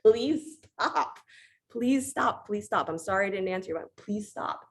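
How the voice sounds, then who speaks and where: A woman voicing a flustered male ocean god who pleads and apologizes in a high voice. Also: animated, a little slow. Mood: pleading.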